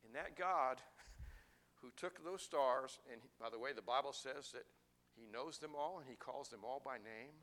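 A middle-aged man preaching a sermon as pastor, building to emphatic declarations and dropping to soft, hushed asides. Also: medium pitch, normal speed.

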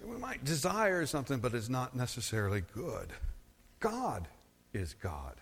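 A man preaching a sermon as a pastor, swinging from low, measured stretches to high, forceful emphasis. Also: wildly swooping pitch, breathy edge. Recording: long hall reverb.

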